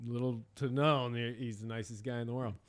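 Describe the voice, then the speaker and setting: A man's voice: medium pitch, steady tone, fast talker. Rambling middle-aged man chatting casually. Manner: rambling, many restarts and fillers. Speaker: podcast host. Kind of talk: casual chat.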